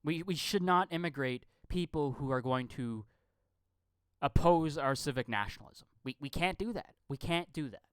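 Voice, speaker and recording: A man's voice: fairly high pitch, moderate pace, clear, resonant tone, dry recording. A man rambling through a profane live-stream rant, stammering and repeating his words. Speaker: channel host.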